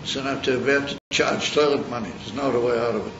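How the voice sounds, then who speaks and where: A man teaching Chassidus in an informal Torah lecture, halting and searching for words as he tells a story. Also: medium pitch, fairly even intonation. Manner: halting, searching for words, mixing Yiddish and Hebrew terms. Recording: roomy, dull, noisy recording.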